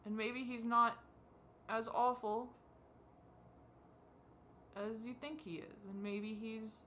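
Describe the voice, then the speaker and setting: A young adult vlogger with a high, feminine-sounding voice that has a bright, tense edge. They are crying as they talk straight into a camera mic. Faint room noise hums behind the halting, self-doubting questions. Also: fairly even intonation.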